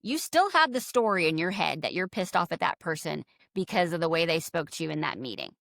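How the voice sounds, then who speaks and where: Animated woman coach telling a story. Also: fairly low pitch, fairly quick, vocal fry, no echo, clean studio sound. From United States. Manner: animated storyteller, acts out quoted dialogue. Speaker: leadership coach, guest. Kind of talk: conversational podcast interview.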